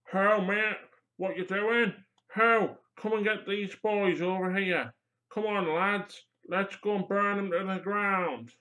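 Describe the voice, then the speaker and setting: Hollering orc lad a guy does, cocky, pitched way up. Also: fairly even intonation, slow pace, pushed and bright, heavily acted. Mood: rowdy. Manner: jeering lads' banter, hollering. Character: rowdy male orc brute, loud and cocky. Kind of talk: improvised impression on a live stream.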